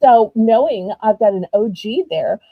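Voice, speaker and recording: Woman, Southern accent, live auction host, chatty storyteller, higher voice, dry dull sound. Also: a little slow, no echo. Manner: chatty, animated storytelling with many ums. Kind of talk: casual live-stream selling chat.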